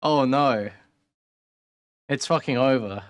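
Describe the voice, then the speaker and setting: A man's voice: mid-range voice, slow pace, smooth, no echo. A man co-hosting casual commentary, blunt and joking, laughing often. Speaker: co-host commentator.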